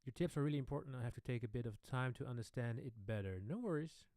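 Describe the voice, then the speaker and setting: Man, live-stream host, casual chat, slightly non-native phrasing, medium pitch, dry studio mic. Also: fast talker, no echo. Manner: relaxed, chatty, thanks viewers by name, trails off softly. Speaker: pianist hosting a live Q&A stream. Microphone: studio microphone.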